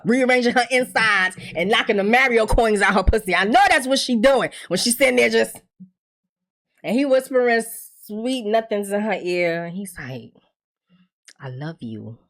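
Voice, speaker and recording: A woman's voice: fairly high pitch, normal speed. Woman doing a tv recap, talks blunt and salty, acts out everybody's lines. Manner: animated, blunt and profane, acts out characters' lines. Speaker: TV recap host. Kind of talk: casual recap chat.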